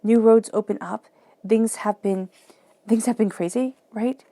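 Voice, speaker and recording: Gravelly-voiced woman giving a tarot reading. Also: fairly high pitch, fairly even intonation, measured pace, warm tone, no echo. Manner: flowing, repetitive, encouraging, acts out quoted self-talk. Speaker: tarot reader.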